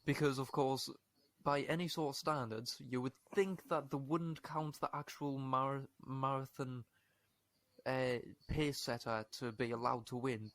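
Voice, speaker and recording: A man's voice: mid-range voice, steady tone, unhurried, no room sound. A British man, a podcast co-host, reading a news story aloud in casual chat, swearing and laughing, acting out the quoted lines.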